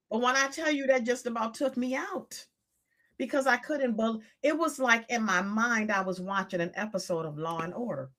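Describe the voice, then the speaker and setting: A woman's voice: on the high side, a bit bright. An older woman talks to her live-stream audience as a coach. She is emphatic and repeats short phrases to drive her points home.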